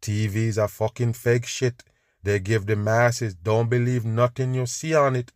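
In a clean studio recording with no room sound, a man hosting a podcast speaks unhurriedly in a steady, medium-pitched voice. Reacting to clips, he rants scornfully and preachily, calling his audience "people" over and over.

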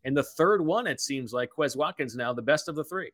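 A man's voice: medium pitch, animated, a little fast, fairly bright tone, no room sound, clean studio sound. A man working as a football color commentator, opinionated and emphatic, who gets fired up about the calls.

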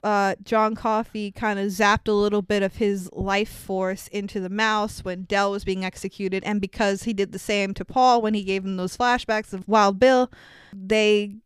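A woman's voice: medium pitch, flat delivery, moderate pace, clear, resonant tone, no echo. A young woman co-hosting a podcast and recapping a film in casual chat, emotional and gushing, swearing freely. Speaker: podcast co-host.

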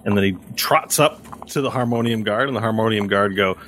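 Low-voiced man running a tabletop game. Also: a little fast, fairly bright tone, a little hiss or hum. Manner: casual, rambling with fillers. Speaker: game master.

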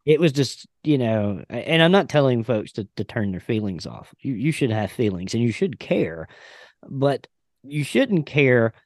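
A man's voice: medium pitch, big pitch swings, moderate pace, no room sound, studio quality. A man in his thirties hosting a podcast, casual, folksy and easygoing, with jokes mixed into the chat. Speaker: podcast host.

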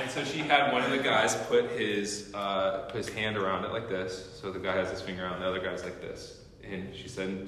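A young man giving a guest teaching at a training school, telling stories in an animated way and acting out what people said. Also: lowish voice, moderate pace, a little hiss or hum. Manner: animated storyteller acting out quotes. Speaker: guest lecturer. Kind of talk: storytelling sermon. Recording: echoey hall with long reverb.

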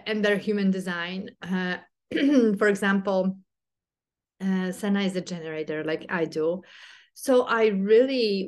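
Podcast mom, thirties, low-pitched, halting and heartfelt. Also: female voice. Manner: hesitant, many fillers and restarts; earnest and heartfelt. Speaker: podcast host, mother. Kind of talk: casual reflective monologue.

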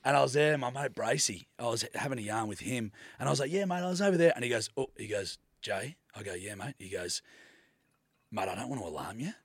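A man's voice: mid-range voice, animated, fast, hardly any pauses, no echo. A young Australian man telling a story in a casual, swearing, laid-back chat, acting out the dialogue. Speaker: podcast guest.

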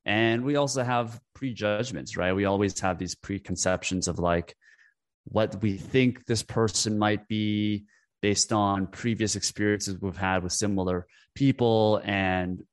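Man, podcast host, low voice, dry close sound, thoughtful summarizing with fillers. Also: fairly even intonation, measured pace, dry recording. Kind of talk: interview conversation.

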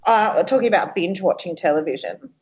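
A middle-aged woman, animated and exclamatory in a casual chat. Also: fairly low pitch, brisk. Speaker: podcast co-host. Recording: dull lo-fi sound.

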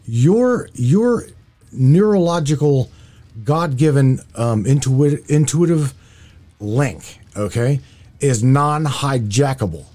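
A man's voice: medium pitch, expressive, takes it slowly, warm tone. A man hosting a casual open-line call-in show, stumbling over his words and often restarting. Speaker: radio call-in host.

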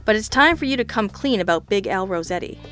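A woman's voice: medium pitch, animated, fast, fairly bright tone, natural voice. Lady reading a grim pushy detective guy, dry, needling, faint music behind. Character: grim, relentless male private investigator.

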